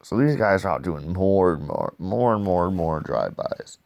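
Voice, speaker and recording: A man casually reviewing comic books in a loose, slangy, excitable way. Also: low voice, moderate pace, creaky.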